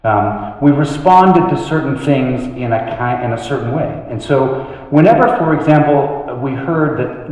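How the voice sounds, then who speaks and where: A male pastor preaching a sermon in a conversational way, with many fillers and restarts, dropping to a hush when he reads scripture. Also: mid-range voice. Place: large church sanctuary. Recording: echoey church hall.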